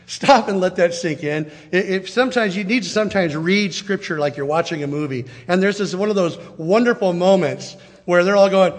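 A man delivers a sermon with a fairly high voice for a man, talking to the congregation in a lively, conversational way. He slips into the voices of the people in his reading. The sound carries the long reverb of a large hall. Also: brisk. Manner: conversational, animated, acts out quotes. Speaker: pastor.

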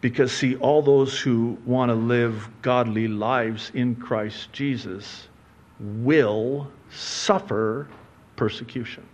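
A male pastor preaching a sermon, telling stories with rhetorical questions and swinging from hushed low asides to loud, high exclamations. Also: slow. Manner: animated storytelling with rhetorical questions.

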